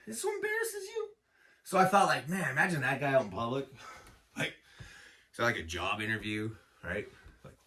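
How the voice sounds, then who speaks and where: A man performing a raw, profane stand-up set on a small self-built stage, loud and animated. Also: on the high side, recorded from a distance. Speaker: stand-up comic.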